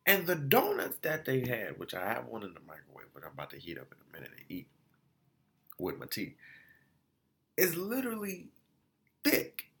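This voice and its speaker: A man casually reviewing food spots in a vlog, telling it as an animated, slangy story full of restarts and quoted exchanges. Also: mid-range voice, normal speed, vocal fry, long pauses.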